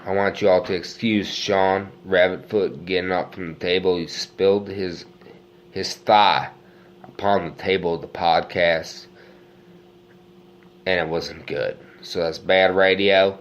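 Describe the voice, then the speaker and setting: A man co-hosting a comedic podcast, telling tall tales in a drawn-out, mock-sincere way. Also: deep voice, fairly even intonation, highs cut off. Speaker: podcast co-host. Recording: faint background noise.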